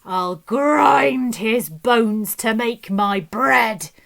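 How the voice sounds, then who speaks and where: A woman voicing a huge grumpy giant in a booming, menacing storybook voice. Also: very slow, vocal fry, a bit bright, full character voice.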